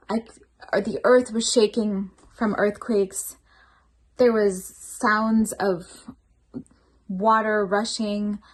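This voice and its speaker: A woman's voice: mid-range voice, a little mellow. A woman shares a personal testimony at a devotional program. She speaks earnestly and reflectively, as a healthcare worker who works night shifts.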